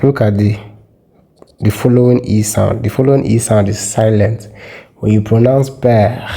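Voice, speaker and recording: A man explains French spelling in a slow, deliberate lesson. His voice sits low and sounds very dark and mellow. He says each example word several times so the learner can copy it. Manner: repeats words slowly for pronunciation practice. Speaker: French teacher.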